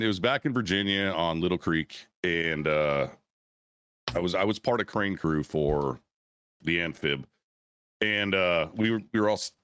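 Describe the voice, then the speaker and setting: A man's voice: sits low, a bit bright, clear, resonant tone, dry recording. A veteran man on a podcast telling a profane, rambling war story with frequent restarts and swearing. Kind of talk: casual storytelling chat.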